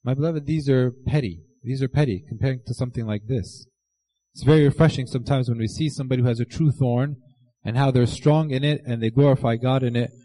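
A man preaching a sermon to his congregation, earnest, slowing down to quote scripture and the saints. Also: medium pitch, mellow, poor audio.

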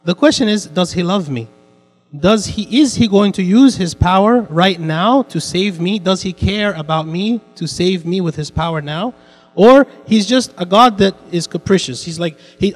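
A man's voice: high-pitched, animated, normal speed, in a large hall. A man teaching an interactive Bible class, repeating his points and putting questions to the students. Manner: repetitive, asks the class questions.

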